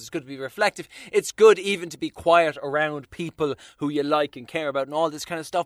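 A man doing a profane stand-up rant, swinging between quiet mock-calm and shouted outbursts. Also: high-pitched, no room sound, clean studio sound. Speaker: stand-up comedian.

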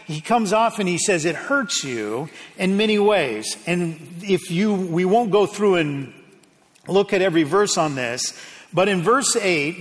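A male preacher with a notably high voice who talks in a relaxed, self-deprecating and chatty way. His sermon rings with a long reverb from a large hall. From United States. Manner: conversational, self-deprecating storytelling. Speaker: pastor. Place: church sanctuary.

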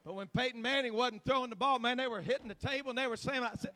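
Preacher guy, real high bright voice, goes from low chatty to full-on shouting in church. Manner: swings from low conversational talk to shouted, drawn-out exhortation. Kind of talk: sermon.

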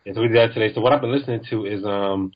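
A man's voice: fairly low pitch, rapid-fire, lo-fi sound, a little hiss or hum. A man co-hosting a podcast in casual chat, telling stories in a laid-back way with lots of fillers. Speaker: podcast co-host.

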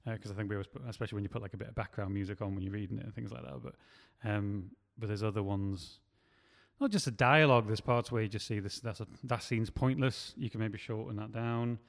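This is a man with a lowish voice who talks through his screenwriting process in a relaxed, rambling way, often stopping to rephrase. The recording has a noticeable long reverb, as if captured in a large room. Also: quick pace, gravelly. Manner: rambling, self-correcting. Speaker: writer and producer. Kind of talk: casual chat.

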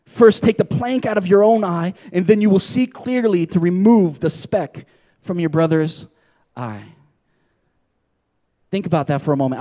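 A pastor with a high, warm voice preaches a sermon emphatically. He keeps turning to his audience with a repeated "right?"

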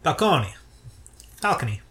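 Lively bright-voiced man in casual chat. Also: on the high side, normal speed. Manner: loose and profane, animated. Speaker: podcast co-host. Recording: roomy echo.

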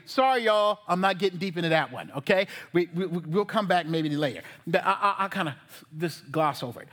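Animated high-voiced pastor preaching. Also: male voice, moderate pace. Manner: animated, folksy preaching with jokes and asides to the congregation. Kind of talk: sermon.

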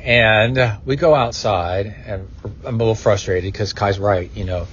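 A man's voice: lowish voice, normal speed, muffled recording, a little hiss or hum. A middle-aged man hosting a podcast in a casual, rambling chat that wanders off on tangents. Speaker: podcast host.

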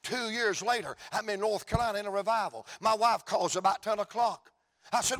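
A man with a Southern US accent preaching an evangelistic sermon, telling folksy stories and building to shouted climaxes. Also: high voice, brisk. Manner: folksy storytelling, rising to shouts.

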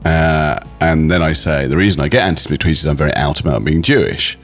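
A middle-aged British comedian, appearing as a guest in a casual interview chat, tells rambling stories, interrupting himself and restarting often. His very deep voice moves fast with lively intonation, and soft music plays in the background.

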